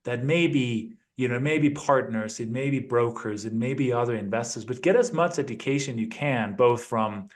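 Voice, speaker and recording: A man in his fifties, a guest in an interview, speaking in a measured way with frequent tag questions. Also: mid-range voice. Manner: measured, peppers speech with "right?" and "you know". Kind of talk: interview conversation.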